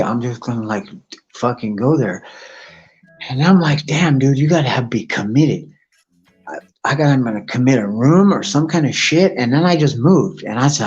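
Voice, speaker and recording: A man's voice: mid-range voice, breathy edge. Crude rambling man on a lo-fi stream. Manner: crude, rambling, animated storyteller. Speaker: live stream host. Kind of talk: casual profane rambling chat. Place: home, outdoors nearby.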